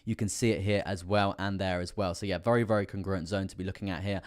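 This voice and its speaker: A man's voice: low voice, steady tone, fast talker. A young British man hosting a crypto livestream, talking through price charts in a loose, rambling way with lots of fillers and a slightly strained voice. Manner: rambling, repeats fillers and "coming through there". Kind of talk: live trading chart analysis.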